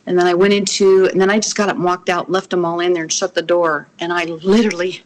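A middle-aged woman tells a personal faith story as a guest. Her voice sits a little low, and she is earnest and animated, acting out the voices of the people in her story. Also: quick pace, slight background noise. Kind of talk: emotional personal testimony.

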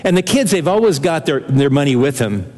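A man's voice: a little high, very animated, fairly quick, darkish tone. An older man, a pastor, preaching a sermon in an earnest, conversational way, repeating phrases for emphasis. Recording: long reverb of a large hall.

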